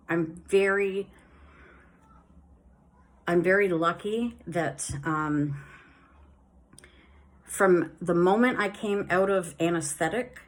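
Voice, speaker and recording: A woman vlogging casually about her dental recovery, rambling with many fillers and a slight lisp on her S sounds while wearing new dentures. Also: fairly low pitch. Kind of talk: casual chat.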